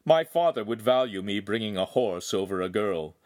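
A man's voice: fairly low pitch, animated, moderate pace, no room sound, studio quality, lightly acted. A man voicing an arrogant young swordsman villain, mocking and cruel in an audiobook. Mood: sneering. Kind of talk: audiobook narration.

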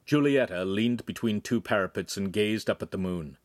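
A man reading a young adult novel aloud in calm, scripted narration. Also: fairly low pitch, moderate pace, dry recording, clean studio sound. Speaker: audiobook reader.

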